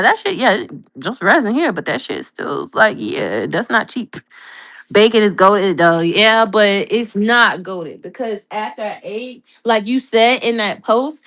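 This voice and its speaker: A young woman hosting a casual chat, telling stories loudly and profanely, laughing often. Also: a little high. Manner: loud, profane, laughing storyteller. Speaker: podcast host.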